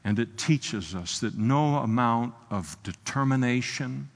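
A man pastor delivering a sermon with passion, dropping to quiet asides and then surging into loud, emphatic lines. His voice sits at an ordinary middle pitch for a man. The sound rings out with a long reverb, as in a church sanctuary. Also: lively intonation, unhurried, creaky. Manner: impassioned, swings from soft to loud with emphatic quotes. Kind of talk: expository sermon.

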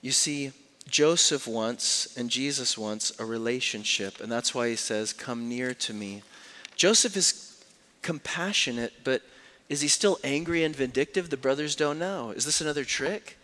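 A man preaching a sermon as a pastor, swinging between hushed, slow lines and loud, raised passages. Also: medium pitch.

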